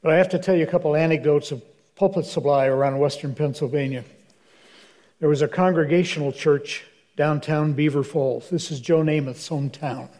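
Older male minister, dry storyteller, somewhat high, mellow tone. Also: fairly even intonation, a little fast. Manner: wry anecdotal storyteller, acts out dialogue. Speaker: guest speaker, minister. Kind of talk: storytelling in a church Q&A. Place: church hall.

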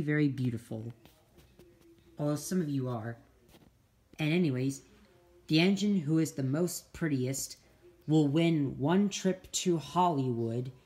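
A woman's voice: low-pitched, darkish tone, husky. A woman voicing a cheerful male train conductor who gives the engines instructions, in a fan drama. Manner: announcing, instructing. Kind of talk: amateur fan drama voice acting.

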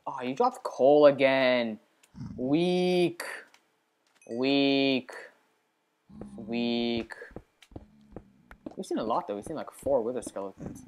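Low-voiced woman narrating gameplay. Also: slow pace, long pauses, a little hiss or hum. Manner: chatty, talks to viewers, excitable outbursts. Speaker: gaming channel host. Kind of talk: let's play gameplay commentary.

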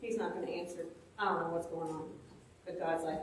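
Lively woman teaching kids in an echoey room. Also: medium pitch, fairly quick. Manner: lively, asks questions, acts out little prayers. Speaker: children's Bible teacher. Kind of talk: interactive children's lesson. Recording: echoey room, mic far off.

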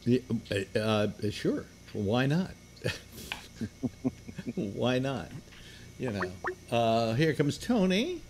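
An older man hosts a loose on-air chat, his voice rising and falling in a lively way. He rambles, pausing on fillers and restarting his sentences. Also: mid-range voice, slight background noise. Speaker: radio host. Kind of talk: casual group chat.

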